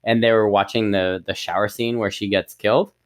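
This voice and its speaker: A man's voice: lowish voice, steady tone, a little fast. A man co-hosting a podcast, chatting casually and hesitantly about a film and an interview he watched. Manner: easygoing, hesitant, many fillers and restarts. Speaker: podcast co-host. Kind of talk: casual film review chat.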